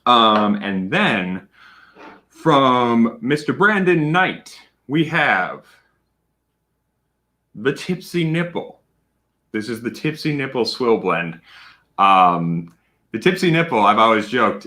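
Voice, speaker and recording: Lively, bright-voiced man hosting a livestream. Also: on the low side, a little slow. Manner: lively, chatty, lots of fillers and shout-outs. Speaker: livestream host. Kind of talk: casual livestream chat.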